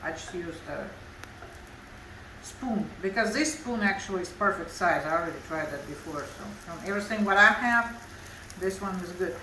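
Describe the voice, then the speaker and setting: A woman's voice: fairly low pitch, expressive, moderate pace, pushed and bright, echoey room, a little hiss or hum, rough recording. Chatty Russian-accented woman cooking. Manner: chatty, explaining step by step with broken English. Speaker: cooking show host. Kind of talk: home cooking demonstration. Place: home kitchen.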